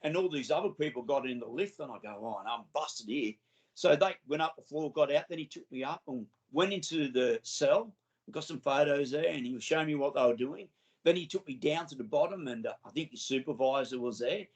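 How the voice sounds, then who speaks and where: A man's voice: on the high side, brisk, poor audio. Australian man telling eager anecdotes. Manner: enthusiastic, rambling anecdotes with many restarts. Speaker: guest. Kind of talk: casual interview storytelling.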